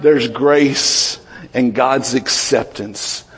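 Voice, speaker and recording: Husky-voiced preacher man. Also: medium pitch, drawn-out words, a bit bright. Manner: conversational, asks the congregation questions, acts out Bible voices. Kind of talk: sermon.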